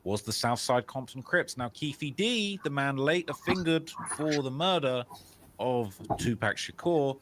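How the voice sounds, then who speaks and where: A man's voice: mid-range voice, lively intonation, unhurried, background noise. A man with a British accent narrates a documentary-style video, hedging his claims with "apparently" and "allegedly". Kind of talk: storytelling narration of a video essay.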